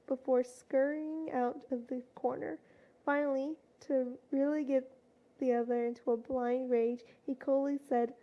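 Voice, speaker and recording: A woman reading a fanfiction story aloud in a plain storytelling way, with louder voices for quoted shouts. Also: sits high, gravelly, lo-fi sound. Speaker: fanfiction reader.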